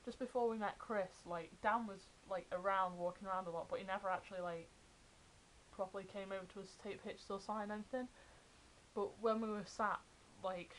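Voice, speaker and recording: A young adult woman, excitedly telling fan stories in a casual vlog. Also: lowish voice, a little hiss or hum, low-quality recording. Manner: chatty, excited retelling of fan anecdotes. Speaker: vlogger.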